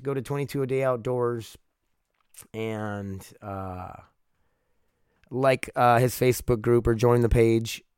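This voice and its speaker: A man's voice: medium pitch, clear, resonant tone, dry recording, clean studio sound. A man hosting a solo podcast, sick and foggy-headed, rambling casually with frequent swearing and laughs. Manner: rambling, profane, laughs often. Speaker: podcast host.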